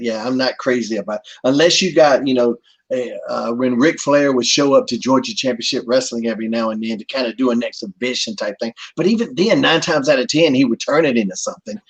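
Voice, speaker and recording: A man's voice: mid-range voice, husky, rough recording. A man co-hosting a wrestling talk show, chatting casually and telling backstage stories. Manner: storytelling, animated when telling anecdotes. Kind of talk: casual panel chat.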